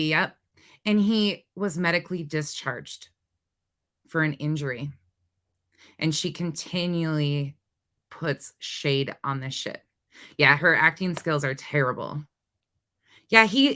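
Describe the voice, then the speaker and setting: A woman's voice: low-pitched, pushed and bright. A woman hosting a reaction commentary, ranting bluntly and indignantly with profanity and sarcastic mockery. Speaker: commentary channel host.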